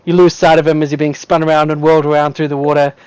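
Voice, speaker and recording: Man, game master, lively storyteller, quick to laugh; dry close sound. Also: a little high, clear, resonant tone, dry recording, low-quality recording. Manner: casual, laughs often, vivid storytelling. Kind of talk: narrating a tabletop game.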